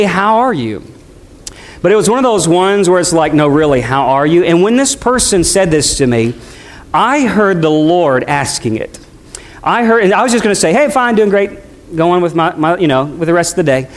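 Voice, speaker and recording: A middle-aged man, a pastor, preaching a sermon in a conversational way, speeding up and slowing down as he tells a story. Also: high voice. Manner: conversational preaching with shifting pace.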